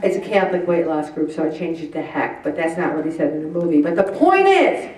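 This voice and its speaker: A woman's voice: deep voice, expressive, a little fast, a little mellow, roomy sound, distant mic, rough recording. A woman in her sixties leading a Catholic weight loss group, chatting to the group, acting out little scenes and laughing often. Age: 60s. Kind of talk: talk to a group.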